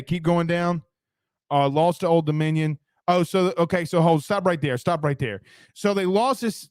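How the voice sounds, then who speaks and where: A man hosting a casual sports talk show, emphatic and quick, reading viewer comments aloud and ribbing his co-host. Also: on the high side, a little mellow, clean tone, no room sound, studio quality.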